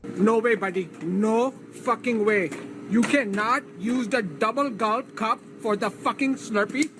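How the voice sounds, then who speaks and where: A man's voice: sits high, a little slow, noisy background. A man playing a furious convenience store clerk in a comedy sketch, using a put-on Indian accent and swearing as he scolds a customer. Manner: shouting, profane, scolding.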